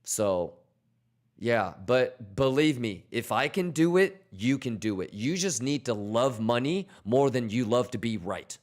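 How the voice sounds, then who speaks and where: A man's voice: mid-range voice, expressive, a little slow. A man hosting a live trading stream who speaks in a mid-range voice. His talk is loose and unscripted, blunt and full of swearing. He coaches his viewers in a motivational tone and answers chat questions as they come in. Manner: blunt, profane, motivational, reads chat aloud. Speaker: trading livestream host. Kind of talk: casual livestream chat.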